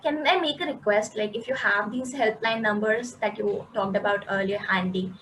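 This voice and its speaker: A woman's voice: mid-range voice, moderate pace, noisy background. A woman hosting a live online Q&A, asking a legal expert questions politely. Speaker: host. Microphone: video call.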